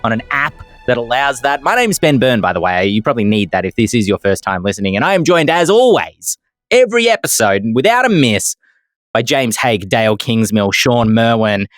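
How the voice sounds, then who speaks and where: A man's voice: fairly low pitch, big pitch swings, fairly quick, dry recording, studio quality. A man hosting a casual tabletop gaming podcast panel, playful and jokey, laughing often. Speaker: podcast host.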